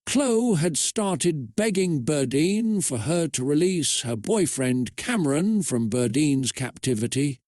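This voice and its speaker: Slow, dry-voiced man reading a story. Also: on the high side, expressive, darkish tone, no echo. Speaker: narrator. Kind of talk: reading a fan story aloud.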